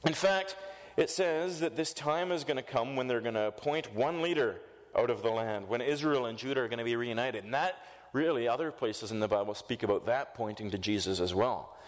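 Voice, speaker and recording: A man preaching a sermon, telling the story in a lively way and acting out the quotes. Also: mid-range voice, fairly quick. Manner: animated storytelling with voiced quotes. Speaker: pastor. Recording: echoey hall reverb.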